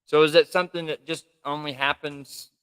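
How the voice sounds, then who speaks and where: Easygoing man, smooth clear voice. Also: a little high, flat delivery, brisk, fairly bright tone. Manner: easygoing, chatty, rambling. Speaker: livestream co-host. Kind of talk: casual live chat.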